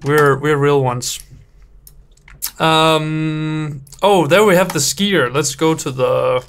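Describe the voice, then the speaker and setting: A young man commentating on a video game with a relaxed, joking tone. His voice sits a little higher than most men's, and he ribs his co-host constantly. It sounds like easygoing chatter between colleagues. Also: slow pace, clear, resonant tone. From Denmark. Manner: playful, teasing banter. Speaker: game developer and build challenge judge. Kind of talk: casual gameplay commentary.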